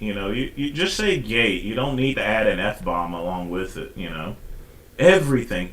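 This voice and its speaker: A man hosting a casual reaction show, talking with sarcastic, mocking asides. His voice is bright and sharp and swings widely in pitch. He is recorded in an echoey room. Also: expressive, normal speed. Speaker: host.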